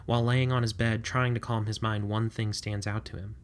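A man narrating a story in a steady, even reading voice. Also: on the low side, fairly quick.

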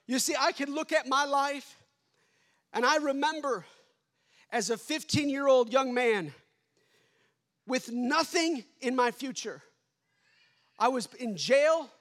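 A man preaching a sermon as pastor, building to shouts and dropping to hushed endings. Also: very high voice, slow pace, long pauses.

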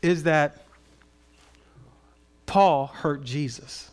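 Animated preaching man, higher voice. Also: very slow, smooth. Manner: animated, conversational preaching with playful asides. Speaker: pastor. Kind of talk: sermon.

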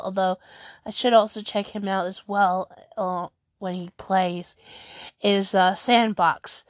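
A woman's voice: medium pitch, no echo, studio quality. A woman chatting casually in a vlog, rambling with frequent laughs and restarts.

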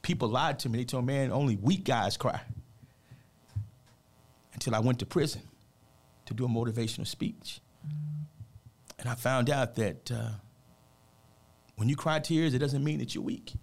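A man with a gravelly, creaky voice speaking at a middling pitch. He tells a personal story with heartfelt, emphatic earnestness, pressing his points home the way a preacher would. He sounds like a motivational speaker talking on a radio program. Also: normal speed, pauses often.

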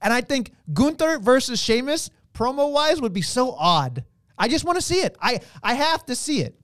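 Dude chatting on a podcast, super lively up and down voice, drags words out for effect, dry close mic. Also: male voice, very high voice, no room sound. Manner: animated, drawn-out emphasis and playful exclamations. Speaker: podcast co-host. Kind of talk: casual wrestling chat.

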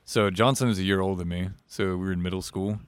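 Fast-talking profane man telling a story. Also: low-pitched, fairly even intonation, smooth, dry recording, studio quality. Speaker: podcast co-host. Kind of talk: casual podcast chat.

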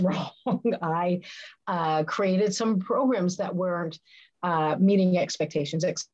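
A woman's voice: on the low side, a little mellow, lo-fi sound. A woman answering interview questions with earnest, reflective storytelling and many restarts. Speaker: interview guest, business leader. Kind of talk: conversational interview.

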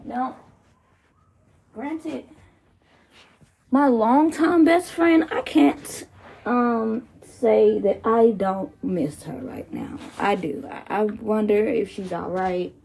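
A woman's voice: fairly high pitch, takes it slowly, vocal fry, a little mellow, breathy edge. A woman hosting her own podcast, ranting casually and profanely with laughing asides, recovering from pneumonia. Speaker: podcast host. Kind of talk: casual solo rant.

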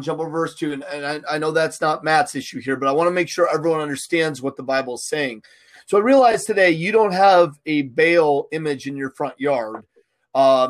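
A middle-aged man, a pastor co-hosting a podcast, talking casually and earnestly, with many fillers and restarts. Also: a little high. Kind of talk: casual podcast Bible discussion.

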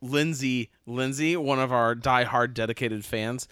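A man's voice: medium pitch, a little slow, fairly bright tone, clean tone, dry recording, studio quality. A man co-hosting a casual movie podcast, joking and bantering with friends. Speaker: podcast co-host. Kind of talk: casual chat.

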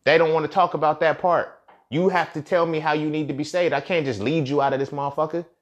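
A man's voice: fairly high pitch, fairly even intonation, fast, lo-fi sound. A young man hosting a podcast, talking in a casual, slangy monologue and acting out quotes in other voices. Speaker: podcast host.

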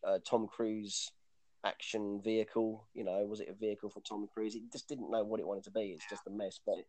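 A man's voice: fairly low pitch, flat delivery, a little fast, darkish tone, no room sound. A man chatting casually about films, rambling with lots of restarts and fillers.

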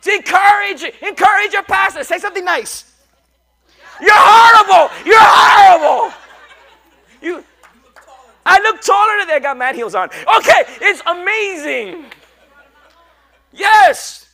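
High, bright-voiced joking preacher man. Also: moderate pace, some chatter behind. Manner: animated, joking, coaxing the congregation. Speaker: pastor. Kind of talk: sermon. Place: church.

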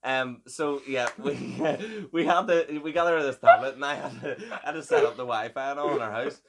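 A man's voice: medium pitch, moderate pace, slight background noise. A man, hosting a podcast and telling a story in a casual, swearing, laughing way. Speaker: podcast host.

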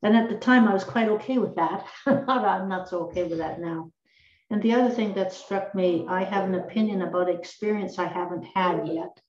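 A woman's voice: mid-range voice, normal speed, darkish tone. A woman giving a rambling, frank comment on a video call, with many fillers. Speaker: meeting participant. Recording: distant echoey muffled call audio.

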